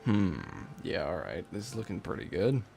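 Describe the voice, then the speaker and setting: A man streaming live from a warm room at home, chatting casually and jokingly with his chat and laughing often. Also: low voice, big pitch swings, normal speed, vocal fry. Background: faint game music.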